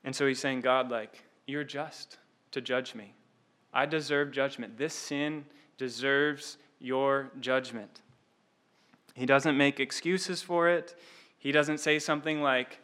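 A man's voice: on the high side, a little slow, bright, forceful tone. A man preaching an expository sermon, earnest, often repeating words and tossing in "like" and "right?".

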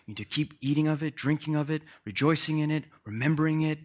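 A man preaching a sermon as pastor, dropping to a hush and then rising loud and animated. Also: fairly high pitch, a little fast, few pauses, slightly rough, muffled recording. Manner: swings from hushed to loud and animated.

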